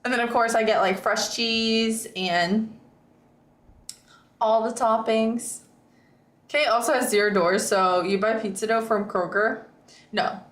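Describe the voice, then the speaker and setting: A woman's voice: a little high, fairly even intonation, a little slow, long pauses, fairly bright tone, reverberant. A woman streamer in casual chat with viewers, rambling and reading chat aloud.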